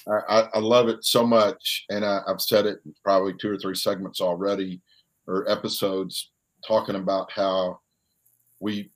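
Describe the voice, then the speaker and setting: A man's voice: lowish voice, low-quality recording. A man hosting a podcast interview, reflecting on what his guest said and asking questions. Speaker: podcast host. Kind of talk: conversational interview.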